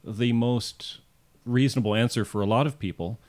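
A man's voice: mid-range voice, steady tone, normal speed, darkish tone. Man telling history on a podcast. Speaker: podcast co-host. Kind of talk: casual history podcast storytelling.

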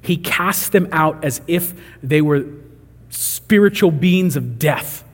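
Pastor guy giving a sermon, kinda husky, bit high voice, lots of reverb. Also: animated, slow. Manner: conversational preaching, acts out quoted voices.

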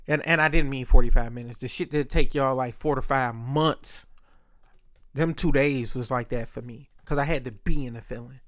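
A man talking in a casual monologue, rambling, profane and often interrupting himself. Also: mid-range voice.

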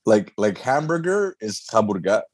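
A man's voice: medium pitch, expressive, fairly quick, breathy edge, no room sound. A man co-hosting a podcast, chatting casually and telling a story with frequent laughter. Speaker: podcast co-host. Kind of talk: casual chat.

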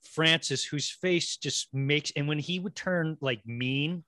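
A man's voice: on the high side, measured pace, no echo, clean studio sound. A man hosting a podcast, chatting animatedly about a movie and sharing fun facts. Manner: animated, laughs, mimics characters. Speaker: podcast host. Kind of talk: casual film discussion.

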